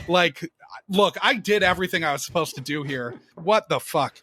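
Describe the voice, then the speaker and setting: A young man telling work stories in a casual podcast chat, animated and profane, his voice jumping up when exasperated. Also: a little high, fairly quick, no room sound. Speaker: podcast guest.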